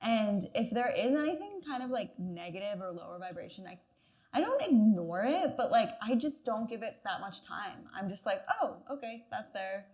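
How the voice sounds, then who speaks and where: A woman hosting a podcast, talking in a relaxed, chatty way with "like" fillers. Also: mid-range voice, moderate pace. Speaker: podcast host. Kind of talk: casual podcast conversation.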